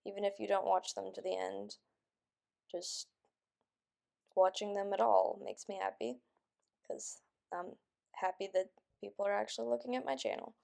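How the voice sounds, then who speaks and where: A woman's voice: medium pitch, flat delivery, normal speed, vocal fry, pauses often, a little mellow. A young woman venting in a rambling vlog, frustrated and stressed, sounding close to tears and just woken up. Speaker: vlogger.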